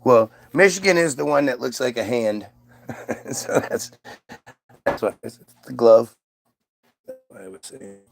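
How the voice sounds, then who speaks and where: A man's voice: medium pitch, lively intonation, measured pace, gravelly, pauses often. A man from the United States hosting a casual livestream, reading chat aloud in a rambling, profane, self-mocking way.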